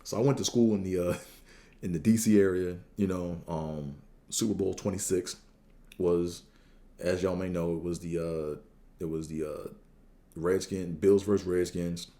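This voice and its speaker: A man's voice: low-pitched, fairly even intonation, normal speed, mellow. A man in his thirties hosting a show, telling stories in a laid-back, rambling way with lots of fillers and swearing. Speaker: host. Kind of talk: casual storytelling monologue.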